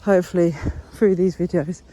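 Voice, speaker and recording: A woman's voice: on the low side, fairly even intonation, moderate pace, warm tone, a little hiss or hum. Earnest woman vlogging on a walk. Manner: earnest, encouraging, rambling with restarts. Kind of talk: casual walk-and-talk motivational vlog. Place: outdoors on a walk along a path.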